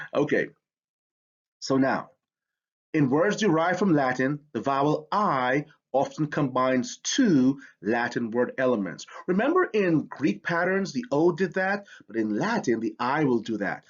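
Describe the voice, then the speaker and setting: A man teaching a spelling lesson, energetic and emphatic, slowing down to sound out words. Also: mid-range voice, husky. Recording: dull lo-fi sound.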